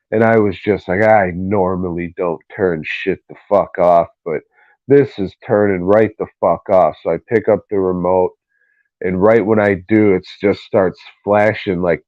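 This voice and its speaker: A man co-hosting a podcast, ranting bluntly and swearing as he talks. His voice sits fairly low and his delivery is slow and drawn out. The sound is dry and dull, like a lo-fi recording. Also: dry recording. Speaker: podcast co-host. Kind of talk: casual podcast chat.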